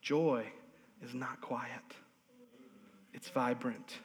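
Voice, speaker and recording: A male pastor preaching a lively, humorous sermon in a church, drawing responses from the congregation. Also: mid-range voice, drawn-out words. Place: church sanctuary. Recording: long hall reverb.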